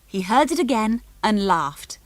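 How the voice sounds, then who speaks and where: Woman narrator, children's storybook, clear, measured, dry close sound. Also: mid-range voice, big pitch swings, dry recording. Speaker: audiobook reader. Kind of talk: scripted narration.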